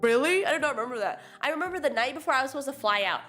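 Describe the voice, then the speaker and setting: A young woman streamer with a slightly high voice tells lively, animated stories, putting on little voices for quotes and laughing often. Faint music plays behind her chat. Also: very fast. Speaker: VTuber streamer. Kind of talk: casual chat with friends on stream.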